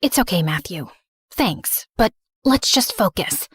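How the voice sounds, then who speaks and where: A woman narrating in first person as a remorseful, misunderstood teenage girl, earnest and soft. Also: lowish voice, very animated, measured pace, breathy edge, no room sound, studio quality, exaggerated voice. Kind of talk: scripted story narration.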